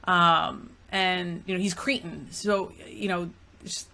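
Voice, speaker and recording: A woman's voice: lowish voice, fairly even intonation, slow, gravelly, sharp tone, slight background noise. A woman from Greece hosting a podcast, telling stories in casual chat and filling her talk with "like" and "you know". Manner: chatty storyteller, fillers like "like" and "you know". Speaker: podcast host and matchmaker.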